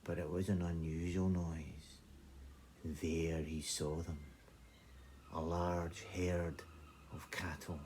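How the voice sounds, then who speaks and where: Scottish man, storyteller, folk tale, deep voice, slow delivery. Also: slight background noise. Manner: animated, conversational narration.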